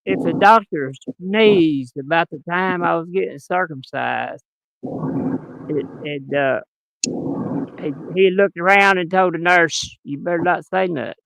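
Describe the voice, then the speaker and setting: A man's voice: fairly high pitch, slow pace, vocal fry, fairly bright tone, no echo, poor audio. A man, a guest on a livestream, telling a joke in a rambling, folksy way. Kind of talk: casual joke-telling chat.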